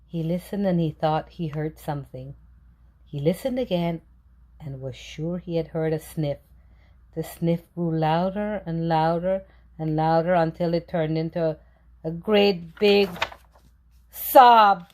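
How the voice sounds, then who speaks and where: A woman reading a children's story aloud in a slow, gentle, clearly paced way. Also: fairly low pitch. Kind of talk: children's read-aloud narration.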